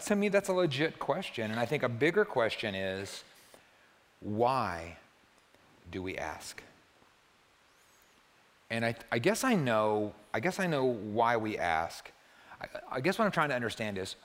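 A man preaching a sermon in a church, talking to the congregation in a relaxed, joking way and often checking in with them with "right?". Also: medium pitch. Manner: conversational and humorous, often asks the listeners "right?". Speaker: pastor.

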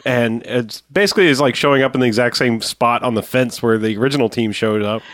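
A man telling a film plot in a relaxed, easygoing way, mid-pitched and steady. The sound is dry and close. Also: fast talker, dry recording. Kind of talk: casual movie recap chat.

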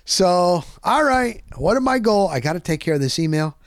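A man hosting a podcast, telling a rambling, excitable story in a casual monologue and punching points with "boom.". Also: normal speed, no room sound, clean studio sound. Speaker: podcast host.

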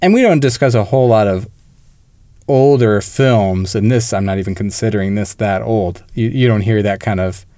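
On a dry recording, a man with a somewhat low, warm voice talks at a moderate pace as a film podcast co-host. His casual review chat is explanatory and conversational, with the occasional laugh.

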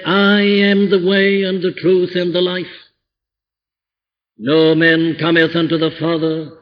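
An older man preaching from the pulpit, his voice pitched high and ringing with emphasis as he quotes scripture in old English. It is a dull, lo-fi archive recording, and a long reverb hangs in the church behind him. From Wales. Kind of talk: sermon.

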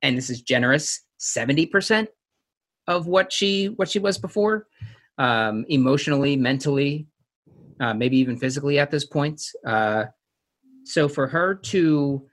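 A man's voice: fairly high pitch, moderate pace, fairly bright tone. Rambling, laughing man in casual chat. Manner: rambling, laughs often, acts out quotes. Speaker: podcast co-host. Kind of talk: casual chat recapping a TV episode.

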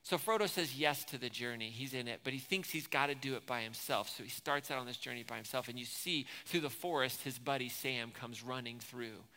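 A man's voice: mid-range voice, fairly quick, hardly any pauses, sharp tone. A man preaching a sermon, retelling movie scenes and acting out the characters' lines with rising intensity. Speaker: pastor. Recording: long hall reverb.

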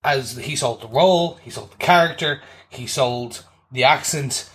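A man's voice: medium pitch, measured pace, a bit bright. A man co-hosting a podcast, giving his casual take on a movie in an emphatic, rambling way. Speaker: podcast co-host. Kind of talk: casual movie review chat.

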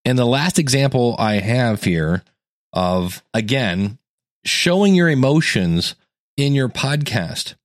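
A man's voice: mid-range voice, expressive, slow, no room sound, clean studio sound. A man hosting a solo podcast on how to podcast, talking conversationally and enthusiastically and acting out quotes. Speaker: podcast coach and host. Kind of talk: solo educational podcast monologue.

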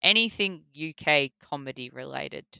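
A woman with an Australian accent, a voice actor chatting casually in an interview, full of likes and ums and quick laughs. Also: sits low, animated, vocal fry, sharp tone, clear, resonant tone, no echo, muffled recording. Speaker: voice actor guest.

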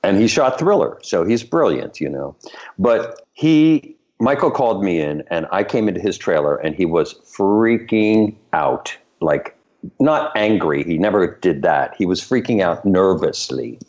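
Older male guest, deep-ish voice, very animated storyteller, dull lo-fi recording. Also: a little slow. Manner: animated storyteller, laughs between stories. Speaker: choreographer guest. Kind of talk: anecdotal interview storytelling.

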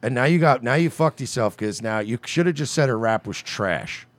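A man's voice: mid-range voice, lively intonation, normal speed, heavy background noise. A man co-hosting a podcast, blunt and scornful, acting out mocking quotes. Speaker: podcast co-host. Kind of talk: crude casual banter.

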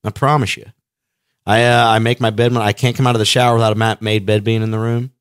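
A man with a low voice rambles through crude, joking podcast banter, restarting his sentences as he goes. His delivery is blunt and profane, and the sound is dry and close. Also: flat delivery, quick pace, smooth, dry recording. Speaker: podcast co-host.

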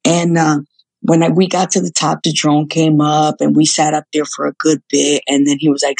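A woman guest telling a story in a casual interview, animated, swearing casually and acting out the quotes. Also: sits low, normal speed, gravelly, slightly rough. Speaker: guest, former reality show contestant.

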